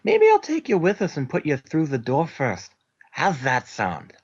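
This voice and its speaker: A man voicing a gruff male mercenary interrogator with a put-on Scottish accent, threatening and calling people lad. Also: on the high side, huge pitch swings, moderate pace, a little mellow, highs cut off, voice pushed up, exaggerated voice. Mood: menacing.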